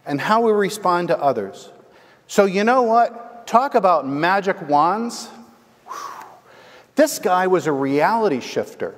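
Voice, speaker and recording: In a high-pitched voice and at a slow pace, a male pastor preaches with animated, conversational storytelling. He repeatedly checks in with the congregation, asking "right?", and the sound echoes with long reverb from a large hall.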